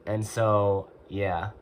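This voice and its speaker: A man's voice: lowish voice, slight background noise. Young man rambling through a story. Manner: rambling, heavy use of "like" and "and so". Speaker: vlogger. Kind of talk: casual storytelling.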